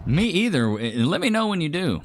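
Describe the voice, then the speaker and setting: A man delivers sarcastic reaction commentary, his pitch swinging lively up and down as he tosses off mocking asides. A faint hiss of noise sits under the voice. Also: normal speed. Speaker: commentary host.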